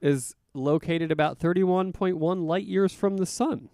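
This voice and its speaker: A man's voice: high-pitched, a little slow, a little mellow, no echo, studio quality. A man co-hosting a podcast in casual chat, playful and joking, teasing his partner. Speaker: podcast co-host.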